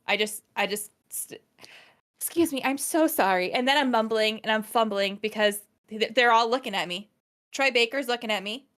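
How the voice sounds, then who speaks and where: A woman co-hosting a gaming podcast, telling an anecdote in an excitable, breathless rush and quoting herself often. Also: on the high side, moderate pace. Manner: excitable, breathless storytelling with quoted self-talk. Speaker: podcast co-host. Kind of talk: casual chat.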